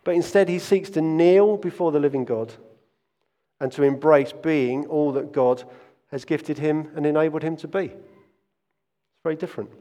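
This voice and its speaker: A man preaching a sermon and storytelling with earnest conviction. His voice sits slightly high and often doubles back on phrases. A long church-hall reverb trails his words. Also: normal speed, pauses often, dark tone. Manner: earnest storytelling with frequent restarts. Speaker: pastor.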